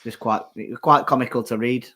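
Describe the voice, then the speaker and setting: A relaxed man co-hosts a fan stream and calls the match play as it happens. His voice is an ordinary middle pitch, and his commentary stays casual rather than polished. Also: a little fast. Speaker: co-host giving match commentary.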